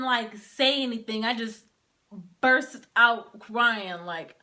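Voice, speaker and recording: A woman's voice: fairly high pitch, slow pace, sharp tone. A young woman casually telling a personal story to camera, filling her talk with "like" as she relives it. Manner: casual, heavy use of "like", emotional retelling.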